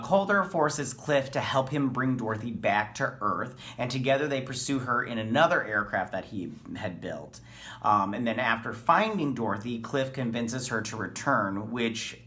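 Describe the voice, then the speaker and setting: A man's voice: medium pitch, pushed and bright. Man rambling through a TV review. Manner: rambling, filler-heavy, enthusiastic. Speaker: TV show reviewer. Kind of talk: casual spoken review.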